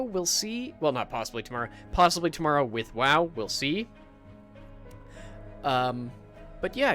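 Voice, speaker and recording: A man's voice: on the high side, fairly bright tone. A man hosting a casual gameplay livestream, chatting in a rambling way and swearing now and then.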